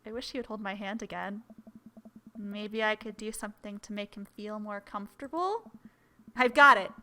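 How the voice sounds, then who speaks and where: Playful bright-voiced woman reading a game. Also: mid-range voice, normal speed, slight background noise. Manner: playful, chatty asides to the characters. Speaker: let's-play host. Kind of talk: reading a dating game aloud with commentary.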